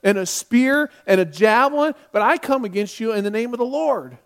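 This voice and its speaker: A man's voice: extremely high pitch, expressive, normal speed, fairly bright tone. A man preaching who voices a confident young shepherd boy making bold, determined declarations.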